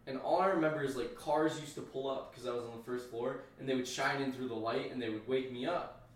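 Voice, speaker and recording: A man's voice: mid-range voice, steady tone, fairly quick. Casting: male podcast co-host, rambling and profane storyteller, distant mic, very echoey room. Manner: profane, rambling, acts out his own reactions. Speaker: podcast co-host, Army veteran. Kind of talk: casual storytelling.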